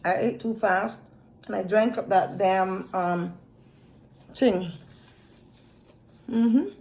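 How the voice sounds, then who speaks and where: A young woman films a casual eating vlog, her talk unhurried and unbothered. She breaks into long savoring hums between bites and her voice sits at a middle pitch. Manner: slow, relaxed, with lots of savoring hums while eating. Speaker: mukbang vlogger.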